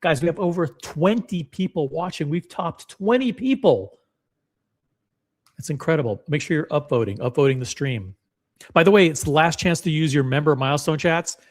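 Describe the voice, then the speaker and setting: A man's voice: on the high side, moderate pace. Blunt, profane man hosting a live stream. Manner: blunt and profane, repeats himself, talks straight to chat. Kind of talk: casual live stream commentary, reading a forum post aloud.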